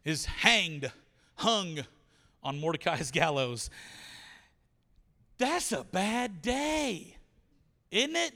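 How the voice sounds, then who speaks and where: Animated preacher, bright voice. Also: male voice, high voice. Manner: animated storytelling, acting out characters. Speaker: pastor. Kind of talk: sermon. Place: church. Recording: reverberant church hall.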